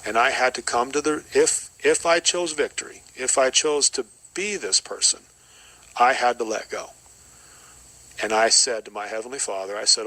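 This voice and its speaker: A man's voice: medium pitch, moderate pace, bright, forceful tone, poor audio. A middle-aged man giving an earnest, reflective personal testimony as a podcast guest, often repeating short phrases.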